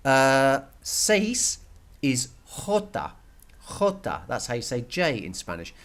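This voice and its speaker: A man's voice: medium pitch, big pitch swings, slow, a bit bright. A man teaching a recorded language lesson, explaining step by step, repeating key words and checking with "okay?".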